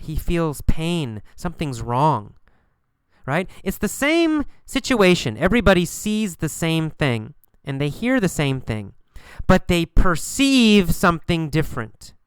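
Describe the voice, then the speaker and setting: A man explains English words to learners in a smooth, clear voice. He talks patiently, repeats phrases over and over and acts out little examples. The sound is close and dry. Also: medium pitch, fairly bright tone, dry recording. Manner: slow, repetitive explaining with acted examples. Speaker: English teacher. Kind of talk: recorded English vocabulary lesson.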